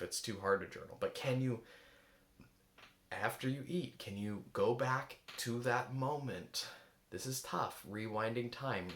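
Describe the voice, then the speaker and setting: Man, low voice, reflective coaching talk, halting and questioning, echoey room. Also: fairly bright tone. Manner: searching, repeats himself, many rhetorical questions. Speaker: eating coach.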